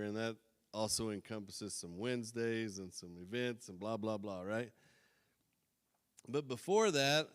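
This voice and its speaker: Earnest middle-aged preacher, resonant voice. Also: male voice, medium pitch, long reverb tail. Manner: earnest, rambling, self-deprecating. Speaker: pastor. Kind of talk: sermon. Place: church sanctuary.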